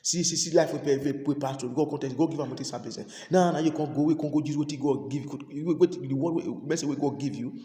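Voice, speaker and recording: A man with a Nigerian accent preaching a sermon, repeating and restarting words, moving between loud exhortation and quiet asides. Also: a little high, fast, few pauses. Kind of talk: sermon in Pidgin. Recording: echoey hall reverb.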